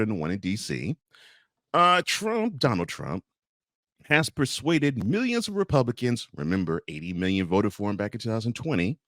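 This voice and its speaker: A man co-hosting a casual podcast, reading headlines and tossing in sarcastic remarks. His fairly low voice swings up and down with lively, animated intonation. The sound is dry and close, with no room echo. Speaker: podcast co-host. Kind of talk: casual political chat, reading news.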